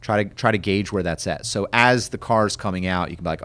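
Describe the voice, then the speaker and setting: A man's voice: deep voice, a little fast, few pauses, smooth. A man hosting a podcast, chatting casually and animatedly, often acting out what others say. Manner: animated, quotes people in voices, many restarts. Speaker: podcast host. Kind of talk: casual chat.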